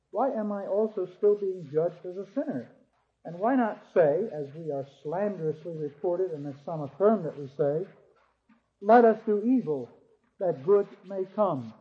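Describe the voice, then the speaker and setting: In a muffled, lo-fi recording, a man teaching theology alternates between reading scripture aloud and walking through it step by step. His voice is fairly high, and he pushes it up to highlight important words.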